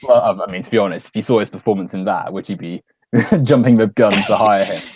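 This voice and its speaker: A man chatting casually about a film, laughing often and slipping into quick impressions. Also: darkish tone, slightly rough, no room sound. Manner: giggly, often bursts into high-pitched impressions. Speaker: podcast co-host.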